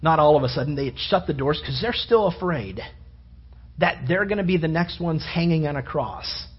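A man preaching a sermon, telling the story with animated storytelling and acting out the disciples' voices. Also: fairly high pitch, moderate pace, slightly rough, lo-fi sound. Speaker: pastor.

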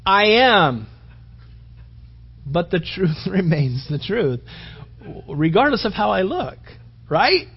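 A man's voice: sits high, sing-song, takes it slowly, long pauses, husky. A male pastor giving a joking, rambling conversational sermon in a dull recording. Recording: dull lo-fi sound.

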